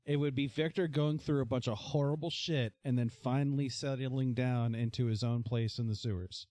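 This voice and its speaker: A man's voice: medium pitch, steady tone, moderate pace, dark tone, no echo. A man co-hosting a podcast in casual chat, playful, often restarting his sentences. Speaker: podcast co-host.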